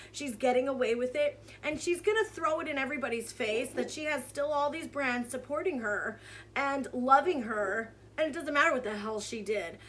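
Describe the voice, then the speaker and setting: A woman's voice: high voice, a bit bright, a little hiss or hum. A woman vlogger giving casual commentary on online drama in a heated, sarcastic rant.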